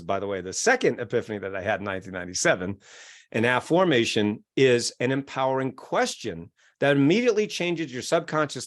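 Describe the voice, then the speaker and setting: Lively middle-aged man explaining with gusto. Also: medium pitch. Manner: acts out quoted voices, chuckles often. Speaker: guest, self-help author and keynote speaker. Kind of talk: animated interview explanation.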